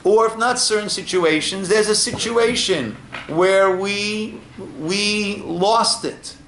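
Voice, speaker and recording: Rabbi with a slightly high voice teaching. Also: male voice, slow, fairly bright tone, slight background noise. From United States. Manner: storytelling, frequent "right?" asides. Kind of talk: informal Torah class talk. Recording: echoey room with faint ambience.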